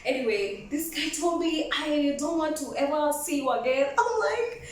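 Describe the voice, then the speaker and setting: A young woman with a Kenyan accent tells a storytime vlog in a lively, sassy way. Her voice sits high, and she sounds a little away from the mic in a very echoey room with faint ambience behind her. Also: moderate pace, recorded from a distance, a little hiss or hum. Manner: animated, code-switching, sassy. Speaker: vlogger.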